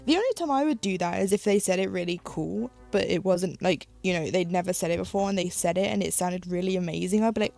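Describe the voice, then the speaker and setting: A woman's voice: fairly low pitch, fast, gravelly, few pauses, a little mellow, faint music behind. A woman from the UK with a British accent, rambling casually and joking to her viewers while she stitches at home. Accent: British English. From United Kingdom. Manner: rambling and chatty, with frequent "like" and self-aware jokes. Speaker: live-streaming stitcher.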